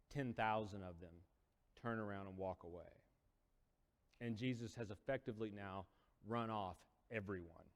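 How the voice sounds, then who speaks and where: A man's voice: fairly low pitch, a little mellow. A male preacher retelling a Bible story in a casual, storytelling sermon, acting out quotes with rising intensity. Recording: long hall reverb.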